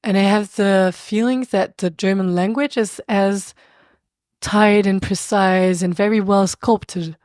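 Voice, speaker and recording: Animated French woman with dry sound. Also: mid-range voice, slow, dry recording. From France. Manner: animated, laughs often, restarts sentences. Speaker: guest. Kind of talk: casual conversational interview.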